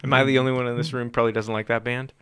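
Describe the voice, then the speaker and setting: A man's voice: medium pitch, little pitch movement, racing, a bit bright, clear, resonant tone, dry recording. A man in casual chat, chiming in with short reactions and wry asides.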